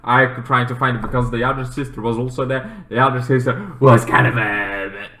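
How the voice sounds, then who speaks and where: A man casually reviewing a TV episode, rambling and halting, with many fillers and restarts. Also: mid-range voice, fairly even intonation, sharp tone. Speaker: TV show reviewer. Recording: echoey room.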